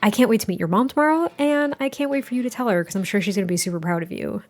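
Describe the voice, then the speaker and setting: A woman's voice: mid-range voice, lively intonation, faint music behind, close to an everyday voice. A woman voicing an adoring, anxious young girlfriend who gushes in a flustered rush. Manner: gushing, flustered, quick.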